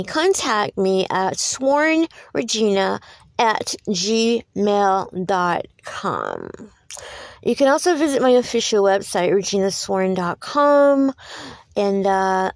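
A woman hosting her own podcast, talking on her own in a preachy, animated way, with many fillers and repeated words as she tells stories. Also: medium pitch, a little slow, gravelly, no echo. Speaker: podcast host. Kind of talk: solo podcast monologue.

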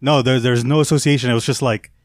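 A man tells anecdotes among friends, quickly and with plenty of swearing. His voice sits mid-range. The recording is dry. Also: medium pitch, steady tone, dry recording. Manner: quick anecdotal telling, profane. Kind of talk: casual chat.

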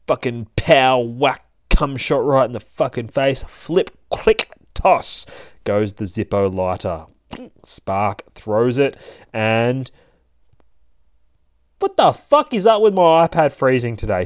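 A man's voice: mid-range voice, no echo, clean studio sound. A man casually reading a comic aloud, heavy on swearing and rambling asides. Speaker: comic book reader. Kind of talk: casual comic read-along.

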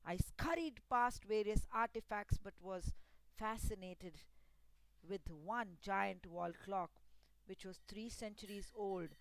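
Slow, deliberate woman storyteller. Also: mid-range voice, dry recording, poor audio. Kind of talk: scripted story narration.

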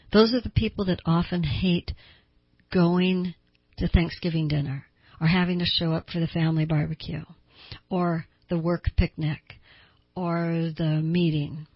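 A woman's voice: on the low side, slightly rough, no echo, muffled recording. A woman hosting a self-help talk show, giving advice to listeners in an emphatic way and repeating words for stress.

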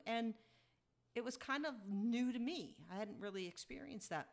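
A woman's voice: mid-range voice, fairly bright tone. A woman hosting a podcast tells a personal story to her listeners. Her delivery is chatty and reflective, and she chuckles as she talks. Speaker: podcast host.

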